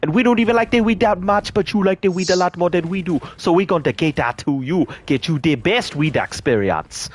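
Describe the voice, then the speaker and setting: A man putting on a loud Jamaican-accented vendor. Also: high-pitched, lively intonation, brisk, few pauses, voice pushed up. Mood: hawking. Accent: put-on Jamaican. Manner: loud, sing-song, salesman patter. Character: loud cheerful male island vendor hawking goods.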